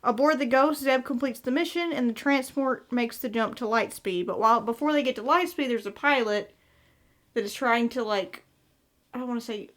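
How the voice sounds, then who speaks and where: A woman's voice: on the high side, normal speed, fairly bright tone. A woman from the American South with a Southern accent, co-hosting a fan podcast in casual chat, hesitant and full of fillers as she reads episode trivia. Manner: hesitant, filler-heavy, recaps episode notes. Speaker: podcast co-host.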